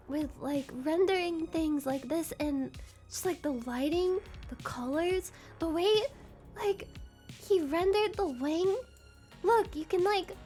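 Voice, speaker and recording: A woman streamer chatting loosely with her viewers, rambling and giggly, with "like" dropped everywhere. Her voice is very high and she takes her time. Faint music sits behind her. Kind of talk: casual live-stream chat.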